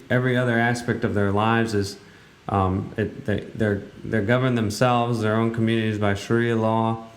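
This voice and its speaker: A man hosting a radio talk show, giving casual, rambling commentary in a blunt way with many fillers. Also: on the low side. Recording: roomy, echoey room.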